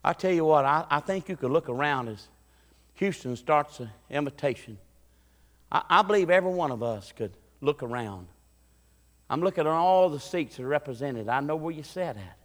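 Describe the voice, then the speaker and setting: A man preaching a folksy sermon as pastor, building into excited preaching and acting out voices. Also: fairly high pitch, normal speed, big-room sound. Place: church sanctuary.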